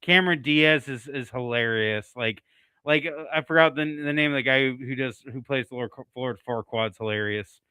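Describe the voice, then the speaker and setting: A man's voice: medium pitch, moderate pace, sharp tone, clean tone, no room sound. A man co-hosting a casual movie talk show, thinking aloud with many fillers. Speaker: co-host. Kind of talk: casual chat.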